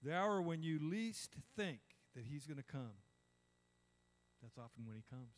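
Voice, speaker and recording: A man's voice: fairly high pitch, big pitch swings, unhurried. An older man preaching a conversational sermon, acting out little voices and asking the congregation "amen?". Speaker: pastor.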